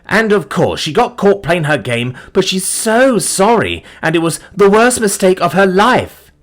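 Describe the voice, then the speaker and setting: A man's voice: mid-range voice, big pitch swings, moderate pace, a bit bright, breathy edge, voice pushed up. A man voicing an angry, bitter young man who swears and sneers sarcastically. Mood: furious.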